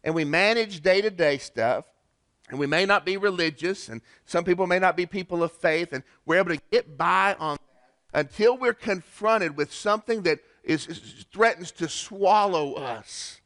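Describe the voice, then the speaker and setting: A man preaching a Christmas sermon, earnest, with pauses and restarts. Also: high voice, fairly bright tone, no echo. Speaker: pastor.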